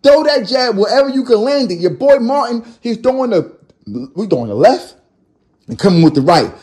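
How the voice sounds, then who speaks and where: A man giving loud, animated, slangy commentary over fight highlights as the channel's host. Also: normal speed. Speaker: boxing commentator. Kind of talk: casual live fight commentary.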